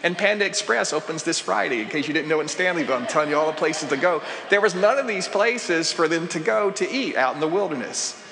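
A man's voice: fairly high pitch, expressive, quick pace, gravelly, few pauses, pushed and bright. A man preaching a sermon as pastor, chatty and conversational, putting questions to the congregation. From United States. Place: church sanctuary. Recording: live church hall with long reverb.

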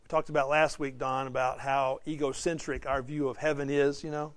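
A man with a mid-range voice and little pitch movement teaches an interactive Bible class, talking a little fast on a recording with no room sound. He's conversational, quizzes the class and acts out the quotes he reads.

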